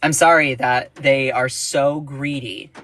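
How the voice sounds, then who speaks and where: A man giving casual, indignant political commentary on a livestream, emphatic, with sudden jumps in pitch. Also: fairly even intonation, slow, pushed and bright. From United States.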